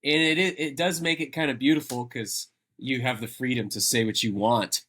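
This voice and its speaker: Guy cohosting a podcast, chatty and rambly, laughs a lot, mid pitch. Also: fairly even intonation, moderate pace, fairly bright tone, husky. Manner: laughing, rambling, self-interrupting. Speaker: podcast co-host. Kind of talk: casual chat.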